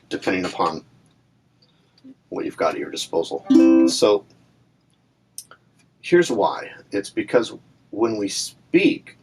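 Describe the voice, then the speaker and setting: A man's voice: deep voice, breathy edge. A man teaching ukulele in a casual, chatty way, talking through examples with fillers and asides. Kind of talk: casual instructional talk. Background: ukulele playing between phrases.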